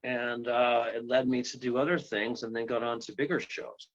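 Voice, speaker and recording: A man, a guest who leads ghost tours and investigations, telling a long story in an interview, rambling with many fillers, restarts and excited exclamations. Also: medium pitch, normal speed. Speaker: guest, ghost tour guide and paranormal investigator. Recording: dull lo-fi sound.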